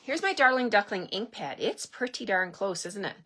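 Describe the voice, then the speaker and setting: A woman's voice: mid-range voice, lively intonation, normal speed, sharp tone, a little hiss or hum. A middle-aged woman from Canada chatting cheerfully on a livestream from home, laughing often and greeting viewers by name. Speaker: stamping demonstrator hosting a livestream. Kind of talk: casual livestream chat. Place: at home, indoors. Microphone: webcam or phone camera.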